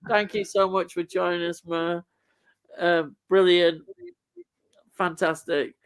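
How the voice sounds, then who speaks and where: A chatty man co-hosting a live stream, reading viewer comments aloud and laughing often. His voice is smooth and resonant, sitting a little high for a man. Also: level tone, slow pace, a bit bright.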